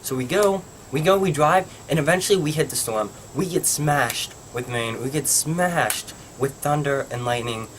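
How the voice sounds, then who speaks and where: A man's voice: fairly high pitch, normal speed, hardly any pauses, noisy background. A young man from Pennsylvania telling a rambling story for his vlog, filling it with "like". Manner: rambling, heavy use of "like". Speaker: vlogger.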